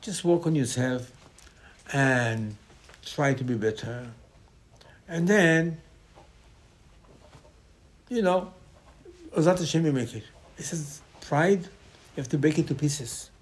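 A man in gives a Torah sermon, telling stories with sudden loud bursts and hushed asides. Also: a little high, takes it slowly, pauses often. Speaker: rabbi teaching Torah.

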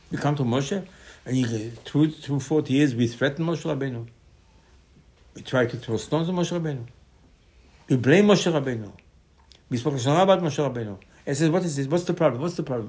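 A man's voice: mid-range voice, a little mellow. A man, a rabbi, preaching a Torah sermon with passion, repeating phrases and acting out quoted dialogue. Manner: impassioned, repetitive, acts out quoted dialogue.

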